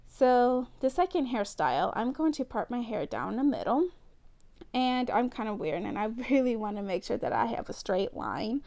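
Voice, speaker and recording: A woman's voice: a little high, creaky, darkish tone. A young woman chatting casually and giggling as she talks through a hair tutorial, teasing herself when she slips up. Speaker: beauty vlogger.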